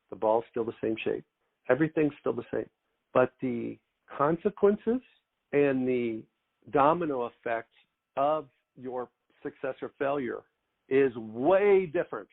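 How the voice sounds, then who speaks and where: Gravelly man over a phone-like line. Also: mid-range voice. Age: middle-aged. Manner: long winding questions with listed examples. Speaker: podcast host, sports agent. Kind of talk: interview questions.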